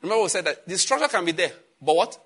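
A Nigerian man preaching with a bright, forceful tone and a slightly raised pitch. His voice has a husky edge. He laughs through his stories and prompts his listeners to answer back. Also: quick pace. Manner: animated preaching, laughing at his own jokes, calls for congregation responses. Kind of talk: sermon.

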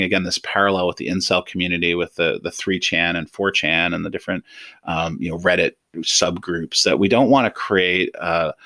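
Deep-voiced man explaining, dry sound. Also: bright, forceful tone, dry recording. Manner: thoughtful, measured, frequent ums and restarts. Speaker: threat assessment expert guest. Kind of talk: interview answers, explaining.

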